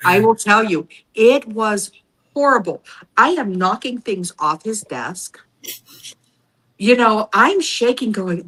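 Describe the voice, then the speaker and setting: A middle-aged woman, a podcast guest, telling personal stories in a casual, animated way and acting out the voices of other people. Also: medium pitch, moderate pace, slightly rough, poor audio. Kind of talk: casual storytelling.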